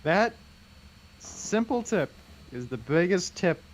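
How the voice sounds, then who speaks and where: A man's voice: high-pitched, very animated, slow pace. A man co-hosting a casual stream, bantering and laughing easily. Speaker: co-host of a painting stream. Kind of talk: casual chat.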